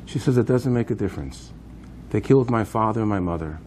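A grieving seventeen-year-old girl tells what she has lost, voiced by a male storyteller. The delivery is plain and low, with a dark tone. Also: animated, fast, a little hiss or hum, close to an everyday voice. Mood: bereft. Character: bereaved starving girl of seventeen.

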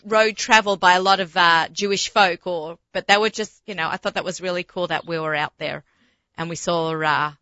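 A woman's voice: fairly low pitch, steady tone, brisk, sharp tone, no room sound, highs cut off. A woman with an Australian accent co-hosting a casual food and wine talk show, chatty and laughing often. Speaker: co-host. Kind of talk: casual chat.

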